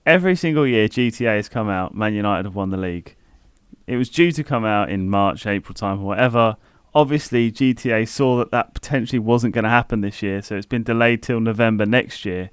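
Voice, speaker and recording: A man's voice: fairly low pitch, brisk, clear, resonant tone, no room sound, studio quality. A man co-hosting a podcast in casual chat, stubbornly defending a joke argument. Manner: stubborn, jokey arguing. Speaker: podcast co-host.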